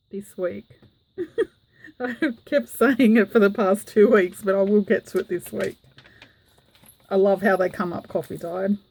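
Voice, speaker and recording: A woman with a medium-pitched voice giggles and chats casually as she shows a handmade journal to the camera, using frequent fillers in this craft show-and-tell. The recording is low quality.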